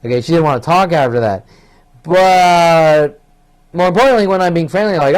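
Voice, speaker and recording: Agitated male monologue, rambling and profane, voice pitched a bit high. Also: moderate pace. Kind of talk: rambling solo monologue to camera.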